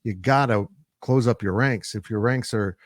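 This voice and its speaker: A male sports analyst discussing college football in a measured, analytical way, with frequent "uh" fillers. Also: lowish voice, dry recording, studio quality. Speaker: sports site publisher and analyst.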